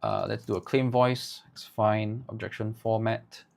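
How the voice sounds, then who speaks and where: A man teaching ad writing live, thinking aloud in halting bursts and tagging his points with "right?". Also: fairly low pitch, fairly even intonation, vocal fry. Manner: halting, with many restarts. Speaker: agency owner teaching ad writing.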